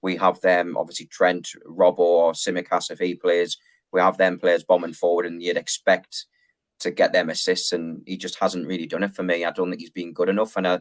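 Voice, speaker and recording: A man's voice: low-pitched, little pitch movement, a little fast. A man, a guest pundit, giving casual, rambling football opinions with plenty of fillers.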